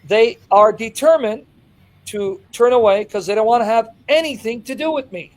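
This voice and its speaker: A higher-pitched male Christian apologist gives an impassioned Bible exposition at a moderate pace, reading scripture aloud and emphatically driving each point home. The recording is rough.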